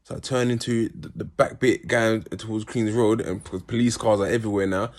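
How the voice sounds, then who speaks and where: A man's voice: lowish voice, fairly even intonation, moderate pace, a little mellow, dry recording, studio quality. A London man in his thirties telling his own story in a conversational way, often checking in with "yeah?". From East London. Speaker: storyteller and football club founder. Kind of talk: first-person storytelling.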